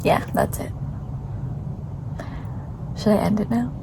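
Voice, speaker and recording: A young woman chatting casually to her phone camera at home in a relaxed, self-deprecating vlog, with frequent apologetic asides. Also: medium pitch, slow pace, vocal fry, noisy background. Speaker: vlogger.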